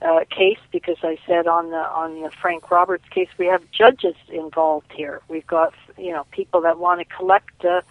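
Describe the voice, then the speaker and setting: A woman's voice: lowish voice, steady tone, moderate pace, hardly any pauses, no echo. A woman calling in to an interview, telling stories in a rambling way with many restarts, over a tinny phone line. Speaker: caller and guest.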